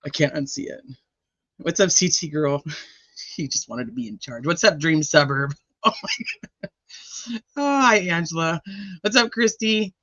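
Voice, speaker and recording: A woman's voice: sits low, animated, a little slow, long pauses, a bit bright, no echo, dull audio. A woman hosting a casual true crime livestream, joking, teasing and swearing as she reads viewer comments, laughing often.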